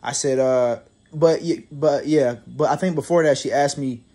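A man's voice: mid-range voice, normal speed, mellow. Rambling, profane young man. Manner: profane, rambling, with frequent restarts and laughter. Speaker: vlogger. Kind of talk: casual storytime monologue.

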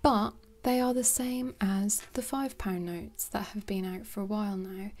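A woman chatting in a soft, rambling way for ASMR, moving between quiet speech and whispers and making jokes. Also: mid-range voice, fairly even intonation, moderate pace. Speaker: ASMR creator.

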